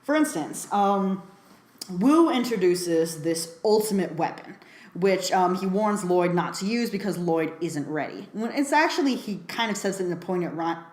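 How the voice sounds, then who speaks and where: A woman's voice: on the low side, lively intonation, normal speed, a little mellow, roomy sound. A woman giving a casual film review, talking chattily with lots of fillers and frequent laughs.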